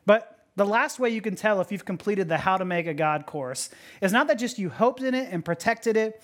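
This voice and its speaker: A woman pastor delivers a lively sermon. She talks casually, laughs between thoughts, trips over repeated words and keeps asking the listeners questions. Her voice sits at an ordinary pitch for a woman. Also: moderate pace. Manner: animated, laughing often, repeats words, many rhetorical questions.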